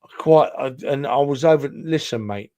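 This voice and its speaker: Warm and mid-range, with the highs cut off in the audio, this man's voice moves at a normal pace as he co-hosts a laid-back football podcast. Slightly drunk, he rambles, speaks with emphasis, and repeatedly calls his fellow host "son."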